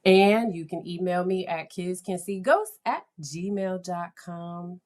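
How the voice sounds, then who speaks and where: A woman's voice: on the low side, takes it slowly, darkish tone. A woman hosting her own podcast, talking in a chatty, enthusiastic way and laughing often. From United States. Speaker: podcast host. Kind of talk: casual podcast talk.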